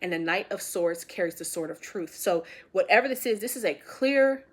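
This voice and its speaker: A woman's voice: medium pitch, animated, moderate pace, slightly rough. Encouraging woman giving a tarot reading. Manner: emphatic, encouraging, repeats key phrases; addresses viewers directly, casual and affectionate. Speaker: tarot reader. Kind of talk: intuitive tarot reading to camera.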